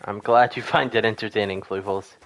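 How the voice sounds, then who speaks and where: A man's voice: on the low side, fairly even intonation, fairly quick. A tired man giving casual gameplay commentary as a streamer, mumbling and swearing, sometimes joking in a mock Russian accent. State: tired, exhausted. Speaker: game streamer.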